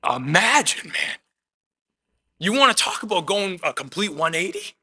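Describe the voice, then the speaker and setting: A man's voice: sits high, sing-song, normal speed, pushed and bright, breathy edge, no room sound. A man preaching a sermon in a conversational way, acting out the quotes as he tells the story. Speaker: pastor.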